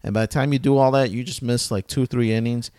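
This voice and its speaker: Smooth-voiced young father chatting. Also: medium pitch, quick pace, no room sound, clean studio sound. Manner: relaxed, explains his view at length. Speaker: podcast co-host. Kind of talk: casual chat.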